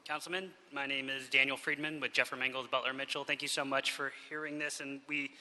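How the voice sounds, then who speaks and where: A man's voice: mid-range voice, flat delivery, a little fast, pushed and bright. A man speaking as an attorney for a property owner, making a fluent, formal request at a public hearing. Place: council chamber. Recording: echoey hall.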